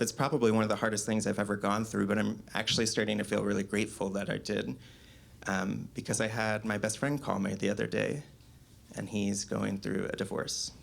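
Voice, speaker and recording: Gravelly low-voiced man doing stand-up. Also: a little hiss or hum. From US South. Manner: confessional deadpan storytelling with sudden high-pitched quoted voices. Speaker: stand-up comedian. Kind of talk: stand-up comedy set. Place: small comedy club with a live audience.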